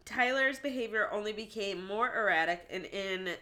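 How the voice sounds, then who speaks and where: A woman's voice: medium pitch, moderate pace, sharp tone. A woman co-hosting a casual true-crime podcast, reading out case notes and joking and laughing between the facts. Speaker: podcast co-host.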